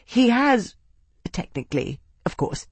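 A man voicing a plump, nervous little legal advisor who answers timidly, with a squeak. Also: sing-song, unhurried, husky, dry recording, exaggerated voice.

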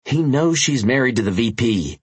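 A man voicing an urgent young male biker ally in an audiobook, speaking in a rushed, pressing way. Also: mid-range voice, lively intonation, slightly rough, dry recording, pitched above the performer's own voice.

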